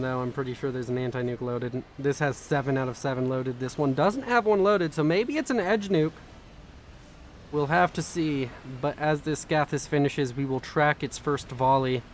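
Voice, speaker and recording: A young man casting a strategy video game with quick, chatty, self-mocking commentary, sounding tired. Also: medium pitch, a little hiss or hum. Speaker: game caster.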